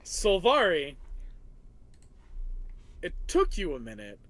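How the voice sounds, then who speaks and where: A man's voice: high voice, huge pitch swings, slow, fairly bright tone, dry recording. A man narrating and running a tabletop game as game master, playful and descriptive.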